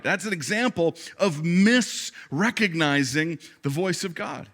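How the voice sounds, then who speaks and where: A pastor in his thirties preaches a sermon in a higher voice for a man. He talks conversationally, stumbles into quick restarts, and slips into the voices of the people he quotes. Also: fairly bright tone.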